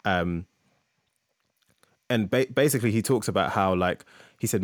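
A man's voice: fairly low pitch, normal speed, pauses often, no room sound, clean studio sound. A man co-hosting a podcast, reading an essay aloud with chatty asides and fillers. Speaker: podcast co-host.

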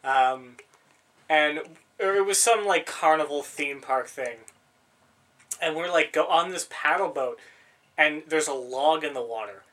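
A man's voice: a little high, a little slow, fairly bright tone. A man in casual chat, rambling through stories, swearing freely and laughing often.

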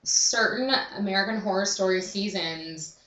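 A woman's voice: mid-range voice, moderate pace, a bit bright. A woman co-hosting a podcast in casual, upbeat chat, saying "like" a lot. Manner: chatty, upbeat, heavy use of "like". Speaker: podcast co-host. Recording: distant, roomy, dull mic sound.

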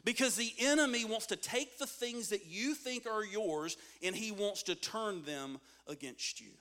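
A man's voice: sits high, expressive, a little slow, bright, forceful tone. A man preaching a sermon as a pastor, reading scripture and building in intensity with call-and-response.

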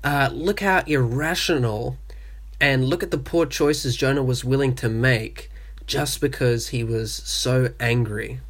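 Man, podcast host, casual Bible study talk, middle pitch, chatty, fillers. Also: a little slow, a bit bright. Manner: explains and reads verses conversationally with fillers.

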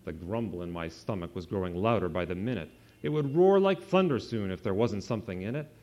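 A man, an author, reading a rhyming children's story aloud to an audience in a sing-song, lively way. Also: on the low side, fairly quick. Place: event hall with an audience. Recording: dull lo-fi live recording.

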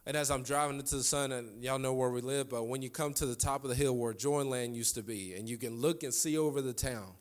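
A man's voice: medium pitch, fairly even intonation, brisk, few pauses. A man, preaching a sermon to a congregation and repeating key lines for emphasis. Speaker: pastor. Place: church sanctuary.

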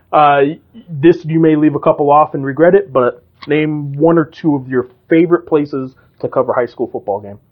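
A man hosts a casual sports interview with a fairly high voice, tossing out relaxed, teasing questions. The sound is muffled and lo-fi. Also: normal speed. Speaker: host.

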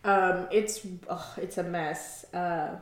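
A woman's voice: lowish voice, steady tone, slow, roomy sound. A woman co-hosting a casual recap podcast, chatty, with many filler words and easy laughs. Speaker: podcast co-host. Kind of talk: casual chat recapping a reality show.

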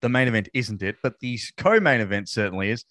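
A man co-hosting a podcast, talking loosely with plenty of "um" and "uh" and quick laughs. His voice sits at an ordinary pitch. The recording is dry and close, with no room sound. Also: lively intonation, a bit bright, no echo. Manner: rambling, frequent fillers and laughs. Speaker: podcast co-host. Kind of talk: casual chat reviewing wrestling.

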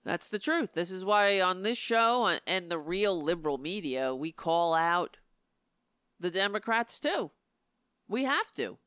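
A woman hosting a live political talk stream, speaking in impassioned, emphatic bursts and sounding a little hoarse. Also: on the low side, lively intonation, a little slow, fairly bright tone, no echo, clean studio sound. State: losing her voice. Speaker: political talk show host.

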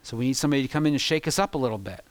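A man preaching a sermon as pastor, impassioned, swinging between loud peaks and hushed, confessional asides. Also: medium pitch, lively intonation, racing, no room sound.

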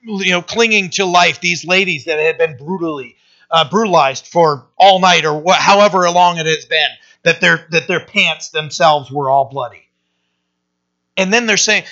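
A man's voice: sits high, animated, a little slow, bright, forceful tone. A man pastor preaching an informal Bible-study sermon in a rambling, conversational way, often tossing in "right?" and restarting his sentences. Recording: dull lo-fi recording.

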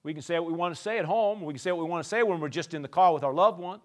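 A man preaching a sermon in an animated, playful way, swinging from soft asides to shouting. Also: fairly high pitch, very fast. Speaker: pastor.

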